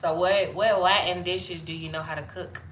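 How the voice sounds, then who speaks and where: A woman's voice: lowish voice, fairly even intonation, moderate pace, a bit bright, echoey room, slight background noise, low-quality recording. A woman chatting playfully with viewers during a casual live stream.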